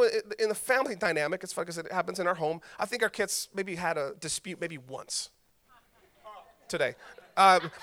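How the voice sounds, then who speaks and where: Male pastor, very high voice with a bright edge, casual joking sermon delivery. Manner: conversational, joking storyteller.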